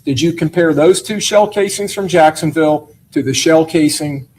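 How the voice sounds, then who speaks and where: A man questioning a witness in a courtroom, asking measured, methodical questions with occasional hesitations. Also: on the high side, darkish tone, slight background noise, low-quality recording.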